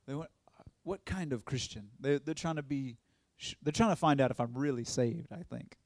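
Delivering his testimony as a sermon, a male evangelist tells the story with animation, mimicking others' voices and laughing a lot. He speaks at normal speed in a medium pitch, and the recording has no echo.

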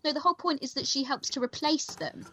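Bright, high-voiced woman arguing earnestly. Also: fast, a little hiss or hum. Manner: earnest, insistent when arguing. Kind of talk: casual chat.

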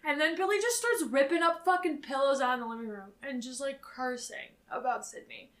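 A young woman co-hosting a podcast, casually recapping a film in an animated, profane way. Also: high voice, brisk. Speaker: podcast co-host.

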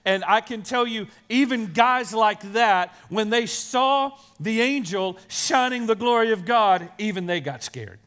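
A pastor with a high-pitched, animated, fairly bright and clean voice delivers a sermon at a measured pace with hardly any pauses. He tells stories conversationally, often checking in with listeners through "right?" asides, and speaks to the children in the congregation.

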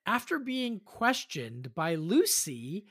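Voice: mid-range voice, big pitch swings, takes it slowly, fairly bright tone, slightly rough. A podcast host running a casual quiz with friends over a video call, chatty and full of fillers and restarts.

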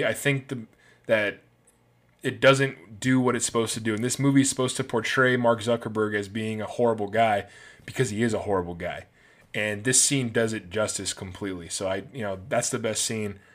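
A man's voice: mid-range voice, fairly bright tone. A man giving casual, enthusiastic movie commentary as a film reviewer, rambling from one scene to the next.

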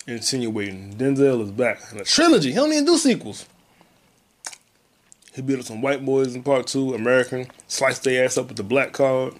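A man hosting a solo podcast, a comedian ranting casually and profanely, with sudden loud outbursts. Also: medium pitch. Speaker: podcast host and stand-up comedian.

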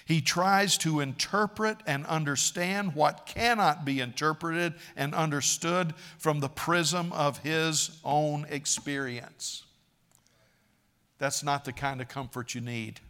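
A man's voice: fairly high pitch, takes it slowly, sharp tone, smooth. A man preaching a sermon, dramatic and emphatic, acting out quoted speakers with a raised voice. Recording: long reverb of a large hall.

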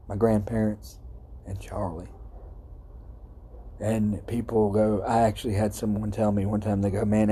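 A man's voice: lowish voice, mellow, husky. A man hosting his own podcast, rambling and heartfelt, swearing freely as he talks outdoors at night. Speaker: podcast host. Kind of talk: casual solo podcast monologue.

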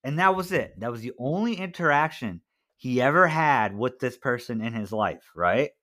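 A man's voice: mid-range voice, animated, moderate pace, pushed and bright. A man co-hosting a casual podcast, telling a story in a chatty way, full of "like" and "right?". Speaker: podcast co-host.

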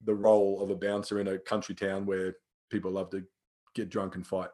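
A man's voice: low-pitched, flat delivery, fairly quick, mellow. A young man, a personal trainer, telling stories in casual chat, swearing freely and acting out the lines of people he quotes.

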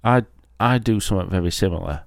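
A man's voice: deep voice, fast talker, gravelly, no echo, studio quality. A man co-hosting a podcast, chatting casually with short, wry replies. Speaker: podcast co-host. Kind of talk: casual chat.

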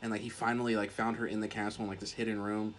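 A man's voice: on the low side, flat delivery, very fast, a little hiss or hum. A young man co-hosting a podcast, retelling a film in a rambling, casual way, swearing often and filling with "like". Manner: rambling, swears a lot, heavy use of "like". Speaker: podcast co-host. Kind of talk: casual chat.

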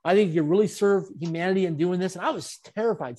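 A man, an interview guest and speaker, telling his story in an animated way with frequent chuckles. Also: high voice, fast talker. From Canada.

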